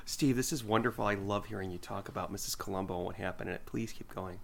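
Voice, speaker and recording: A man's voice: on the low side, quick pace, creaky. A man co-hosting a podcast in casual chat, teasing and joking with his co-host. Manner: teasing, playful, keeps joking and apologizing.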